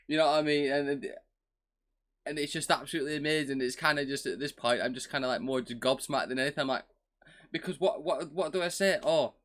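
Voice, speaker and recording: A man's voice: on the high side, fairly bright tone. A man chatting through a reaction video, enthusiastic and meandering. He stumbles and restarts as he talks, in a casual, unscripted manner. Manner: rambling and enthusiastic, many restarts and fillers.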